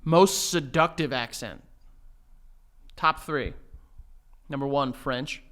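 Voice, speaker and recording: A man's voice: medium pitch, slow pace, a bit bright. A young man co-hosting a podcast, trading crude jokes and goofing on accents in casual banter. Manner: crude, jokey, puts on mock accents. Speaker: podcast co-host.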